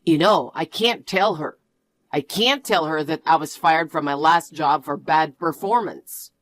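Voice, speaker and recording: A woman's voice: low-pitched, a little slow, no echo. A woman voicing a defensive, demanding young man out of work, read as a storybook. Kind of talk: storybook narration.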